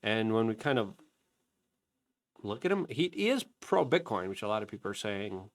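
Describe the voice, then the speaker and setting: A man's voice: on the low side, moderate pace. A man hosting opinionated political commentary, emphatic and repeating points for stress. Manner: emphatic, animated, repetitive for emphasis.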